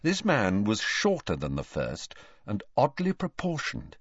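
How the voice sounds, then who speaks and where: Lively male storybook narrator. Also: on the low side, unhurried, husky, no echo. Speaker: audiobook narrator. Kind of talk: scripted narration. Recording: dull dry lo-fi recording.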